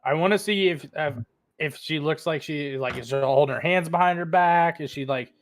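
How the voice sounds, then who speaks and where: A man's voice: a little high, normal speed. A man playing a tabletop game, joking around and asking the game master questions. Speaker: player. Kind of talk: casual tabletop game chat.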